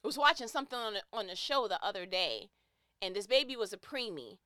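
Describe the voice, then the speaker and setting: A woman's voice: mid-range voice, big pitch swings, fast, pushed and bright, dry recording, clean studio sound. A woman giving an impassioned, preachy motivational monologue, emphatic and repeating phrases to drive her point home.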